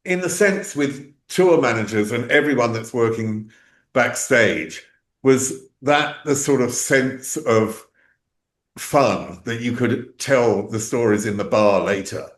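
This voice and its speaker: A man of middle pitch hosts an interview, musing through his questions with plenty of fillers. The room around him is noticeably echoey. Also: takes it slowly. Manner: relaxed, musing, many fillers. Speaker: interview host. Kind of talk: conversational interview. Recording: roomy echo.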